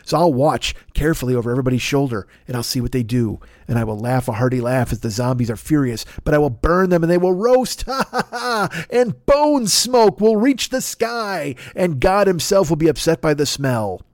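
A middle-aged man hosting a podcast, ranting comedically in a profane, excitable way that swings between loud and quiet. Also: a little high, fairly quick, few pauses, dry recording, clean studio sound. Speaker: podcast host. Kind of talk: comedic rant.

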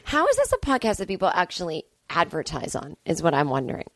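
A woman with a low, hoarse, strained voice, hosting a podcast in a casual, rambling way. She drifts between chat and an ad read and slips into cooing baby talk. The recording is dry and close. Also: huge pitch swings, brisk, fairly bright tone, no room sound. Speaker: podcast host. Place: sister's home, indoors.

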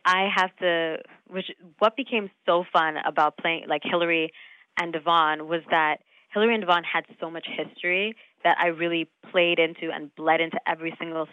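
A young adult actress talking casually in an interview, chatty, laughing often and full of fillers and restarts. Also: female voice, fairly low pitch, dry recording, narrow, tinny audio. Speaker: actress guest.

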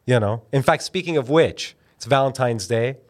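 A young man hosting a casual comedy podcast, retelling a movie in a rambling, animated way and slipping into silly voices. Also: medium pitch, moderate pace. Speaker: podcast host.

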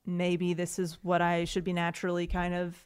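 A woman's voice: on the low side, monotone, moderate pace, darkish tone, clean tone. A woman in her late twenties co-hosting a podcast, talking candidly and casually and swearing freely. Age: late 20s. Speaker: podcast co-host. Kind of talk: casual chat.

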